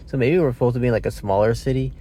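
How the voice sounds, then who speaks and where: A man's voice: medium pitch, very fast, dark tone, a little hiss or hum. A man giving a casual, rambling movie review, meandering with fillers and self-corrections, sounding sleepy. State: sleepy, yawning.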